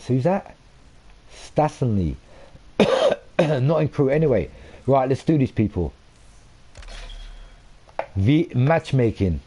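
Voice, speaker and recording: A young gamer with a mid-range, dark-toned voice gives casual live commentary to his viewers. Swearing is constant, and he flares up when things frustrate him.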